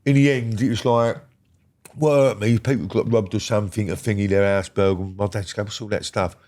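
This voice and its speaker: A British man speaks in a fairly low, steady, darkish voice at a slightly quick pace. He's a guest in a casual storytelling conversation, recounting his criminal past in a rambling, blunt way laced with swearing, and he keeps checking that the listener is following.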